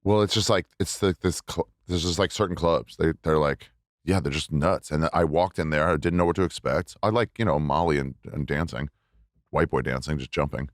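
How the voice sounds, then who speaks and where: A man who is a comedian, a guest on a podcast, telling a rambling, halting story in casual chat. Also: a bass voice, fairly even intonation, dry recording, clean studio sound.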